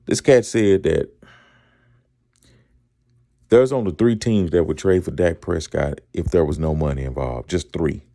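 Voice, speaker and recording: Gravelly middle-aged man. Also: sits low, a little slow, long pauses, dark tone, dry recording, studio quality. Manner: rhetorical questions, repeats himself, chuckles. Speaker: podcast co-host. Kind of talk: casual sports talk monologue.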